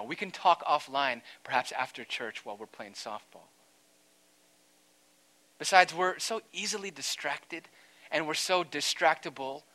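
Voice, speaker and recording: A man preaching a sermon, conversational and animated, swinging between loud and quiet with dramatic asides. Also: on the high side, rough recording. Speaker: pastor.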